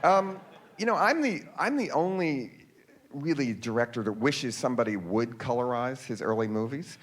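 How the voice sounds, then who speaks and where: Male storyteller, wry and dry, lively up-and-down delivery, comic monologue on stage. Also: mid-range voice, moderate pace. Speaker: filmmaker performing a monologue. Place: theater stage.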